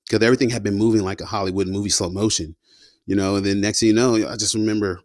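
Veteran man, low voice, dry close sound, casual storytelling full of slang fillers. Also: fairly even intonation, fast talker, darkish tone, dry recording. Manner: loose and slangy, peppered with "you know" and "man". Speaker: combat veteran guest telling his story.

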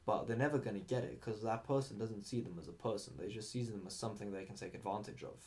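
A man's voice: lowish voice, fast, darkish tone. A young man co-hosting a podcast, chatting casually, joking and swearing freely. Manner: jokey, swears freely, slips into mock accents. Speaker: podcast co-host.

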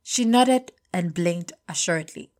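A young adult woman narrating a first-person story in an expressive, confiding way. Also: on the low side, a little slow.

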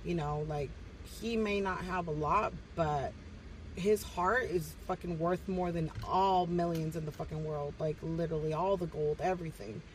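A woman's voice: on the low side, steady tone, moderate pace, distant mic, a little hiss or hum, low-quality recording. Blunt, foul-mouthed woman telling stories. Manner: blunt, heavy swearing, mixes in Spanish. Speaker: podcast guest. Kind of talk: casual, profane storytelling.

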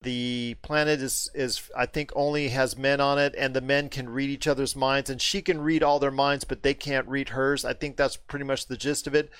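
A man's voice: medium pitch, little pitch movement, normal speed, hardly any pauses, fairly bright tone, clear, resonant tone, dry recording. A man hosting a casual movie discussion, emphatic and prone to repeating his point when worked up.

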